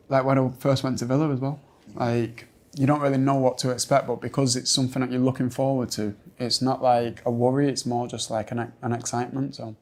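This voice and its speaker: A young man, speaking quietly and thoughtfully as a guest in a casual podcast chat. His pitch sits in the middle and never strays far. He circles his points with plenty of fillers. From Manchester, England. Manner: soft-spoken and reflective, with many fillers. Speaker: footballer guest.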